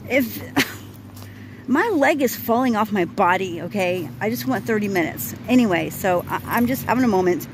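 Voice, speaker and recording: A woman's voice: medium pitch, lively intonation, moderate pace. A woman in her forties vents in a casual vlog, rambling and exasperated, with frequent restarts. She talks into a handheld phone while walking her dog outdoors, and faint passing traffic sits behind her voice. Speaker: vlogger.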